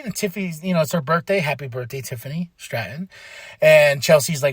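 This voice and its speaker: A man hosts a casual podcast, recapping with excited energy. He stumbles through fillers and slips into little acted-out quotes. His voice sits a bit high, and the recording is close and dry with no room sound. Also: normal speed, no room sound. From Flagstaff, Arizona. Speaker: podcast host.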